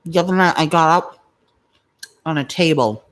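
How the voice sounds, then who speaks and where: A middle-aged woman with a deep voice vlogs live from her home at a normal speed, chatting with viewers through rambling stories and confiding asides.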